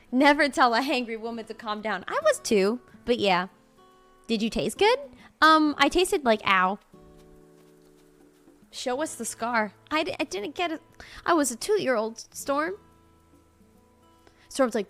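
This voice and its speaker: A woman's voice: a little high, expressive, measured pace, long pauses, fairly bright tone, faint music behind. A young woman from Florida chatting casually on a live stream, playful, laughing often and swearing freely.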